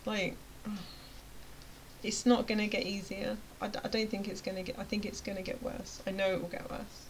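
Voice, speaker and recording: A woman's voice: medium pitch, level tone, moderate pace, a little hiss or hum, rough recording. A woman running a motivational rant to camera, chatty and emphatic, sometimes dropping to a near-whisper. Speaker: vlogger and web design coach.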